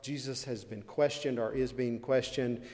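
Guy preaching a sermon, goes hushed then loud and slow for emphasis, big echoey hall sound. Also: medium pitch, fairly even intonation. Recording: long reverb of a large hall.

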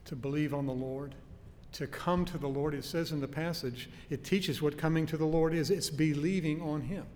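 A man preaching a sermon in an earnest, emphatic way, slowing down to stress key phrases. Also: on the high side, steady tone, a little mellow. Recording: faint noise and long hall reverb.

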